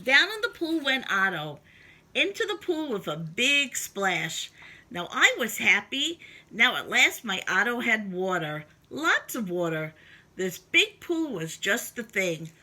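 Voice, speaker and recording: A woman reading a children's story aloud, with expressive, sing-song emphasis. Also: mid-range voice, a little slow. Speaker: storybook reader.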